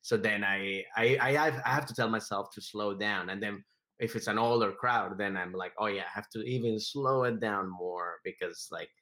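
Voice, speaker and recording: Venezuelan-accented man, fast and animated. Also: fairly low pitch. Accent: Venezuelan Spanish. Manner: fast, animated talk, joking and laughing. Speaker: podcast co-host, comedian. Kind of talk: casual podcast chat.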